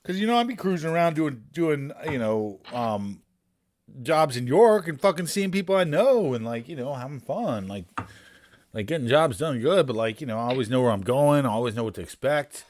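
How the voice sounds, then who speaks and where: A man's voice: mid-range voice, lively intonation, moderate pace, a little mellow. A man, a poker streamer telling long rambling stories in casual, profane chat.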